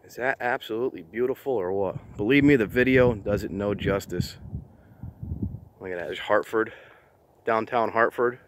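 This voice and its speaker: A man's voice: lowish voice, normal speed, background noise. A man hosting a casual walk-and-talk vlog outdoors on top of a quarry, chatty and enthusiastic, rambling as he goes. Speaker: vlogger exploring abandoned sites.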